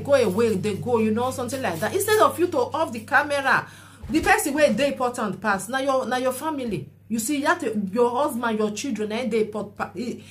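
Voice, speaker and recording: A woman speaking with a Nigerian Pidgin accent, her voice sitting a little high. She lectures in a chatty, preachy way and keeps adding "you know" as she talks. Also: slight background noise. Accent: Nigerian Pidgin English. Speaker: vlogger commenting on a viral clip. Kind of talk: advice-giving commentary.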